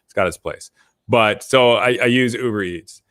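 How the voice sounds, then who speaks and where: A man co-hosting a business podcast in casual chat, telling stories in an animated way that gets heated. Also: mid-range voice, moderate pace, no echo, studio quality. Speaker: podcast co-host.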